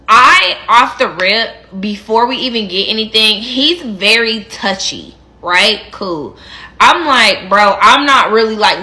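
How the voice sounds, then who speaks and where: A woman in her twenties telling a dating story in a casual storytime, animated and emphatic, repeating phrases for effect. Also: fairly high pitch.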